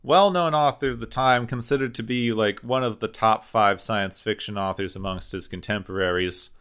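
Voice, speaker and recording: Bright-voiced man co-hosting a podcast. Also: fairly low pitch, moderate pace, smooth. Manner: recaps plot in long run-on sentences. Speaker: podcast co-host. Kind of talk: casual podcast discussion.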